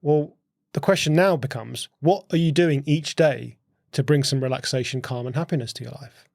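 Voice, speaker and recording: Gravelly-voiced man explaining casually. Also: mid-range voice, normal speed, darkish tone, dry recording, studio quality. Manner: repeats and restarts words, asks questions. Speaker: podcast co-host.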